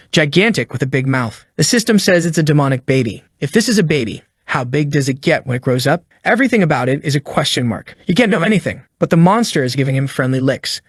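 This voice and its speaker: A man narrating a comic recap in a casual, chatty way, with quick asides and exclamations. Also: fairly high pitch, slightly rough, no echo, clean studio sound.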